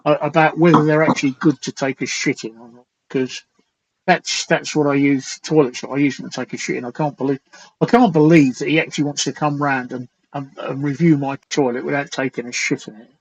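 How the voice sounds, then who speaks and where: A man hosting a late-night live stream chat, slightly hoarse, rambling and crude as he reads out viewer comments. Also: fairly high pitch, fairly even intonation, fairly quick, a little hiss or hum, low-quality recording. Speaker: talk show host.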